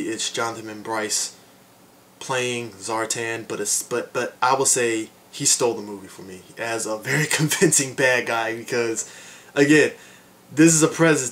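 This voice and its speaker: A man's voice: medium pitch, a bit bright. Rambling man reviewing a movie. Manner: rambling, many fillers like "and stuff" and "um". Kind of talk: casual spoken film review.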